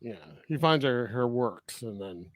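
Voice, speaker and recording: A man's voice: medium pitch, lively intonation, measured pace, no room sound. A man co-hosting a film review podcast in casual chat, often laughing as he recaps scenes. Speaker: podcast co-host.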